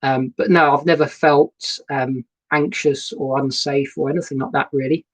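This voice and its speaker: A man's voice: mid-range voice, fairly even intonation, normal speed, poor audio. Male host, casual rambling chat, friendly greetings to viewers, sofa-side live stream setup. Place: sofa inside a narrowboat. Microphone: laptop webcam setup.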